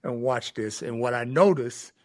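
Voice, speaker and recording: A man's voice: medium pitch, moderate pace. A man co-hosting an interview, asking questions and closing with an upbeat scripted sign-off. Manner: brief agreeing replies, upbeat scripted sign-off. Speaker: podcast co-host. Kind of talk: interview host.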